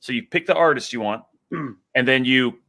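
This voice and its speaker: A man's voice: medium pitch, normal speed, vocal fry, bright, forceful tone. A man with a Texan accent chatting casually on a headset, an enthusiastic, drawling storyteller. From Texas. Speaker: guest. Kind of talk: casual chat.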